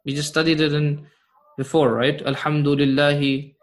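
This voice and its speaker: A high-pitched man gives a grammar lesson to his class. He speaks slowly and repeats each point, and he keeps checking that his students follow along. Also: lively intonation, a bit bright. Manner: repeats key points and checks understanding with "right?" and "okay?". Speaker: Arabic grammar teacher.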